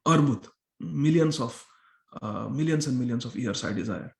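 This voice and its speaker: A man's voice: medium pitch, lively intonation, normal speed, vocal fry, a little mellow. A man giving a scripture class sermon in a temple hall, explaining a verse word by word and repeating phrases for emphasis. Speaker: temple lecturer. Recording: roomy echo of a hall.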